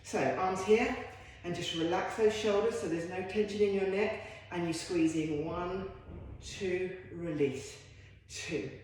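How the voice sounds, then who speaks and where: A woman's voice: mid-range voice, normal speed, hardly any pauses, a little mellow, slight background noise. A woman leading a home workout as a fitness instructor, chatty and encouraging with self-deprecating asides. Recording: very echoey room.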